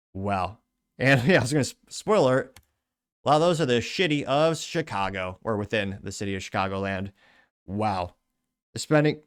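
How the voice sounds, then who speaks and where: A man hosting a political commentary show, casually reading out viewer comments with blunt, sarcastic asides. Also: mid-range voice.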